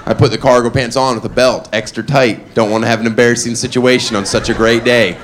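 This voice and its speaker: Deadpan male stand-up comic. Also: mid-range voice, fast talker. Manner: deadpan, mock-earnest, playful asides. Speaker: stand-up comedian. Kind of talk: stand-up comedy set. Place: comedy club stage with audience. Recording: live club, audience laughter and noise.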